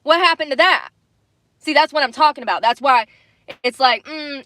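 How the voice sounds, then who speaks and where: A woman with a high, bright, sharp voice pours out an angry, profane rant on a livestream, circling back to the same phrases. The sound is dry and close, with no room around it. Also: normal speed, no echo. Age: adult with children. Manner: angry, swearing, repeating herself. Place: in her car.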